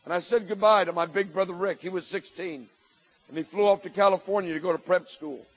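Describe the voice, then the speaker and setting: A man's voice: high-pitched, steady tone, fairly quick, slightly rough, low-quality recording. A man giving a motivational speech to students, telling his story emphatically with repeated lists and acted-out quotes. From Indiana. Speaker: motivational speaker at school assemblies.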